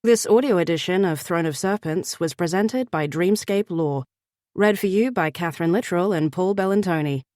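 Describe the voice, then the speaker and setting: A woman narrator reading a fantasy romance audiobook in a measured, even way. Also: fairly low pitch, no room sound, clean studio sound. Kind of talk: scripted narration.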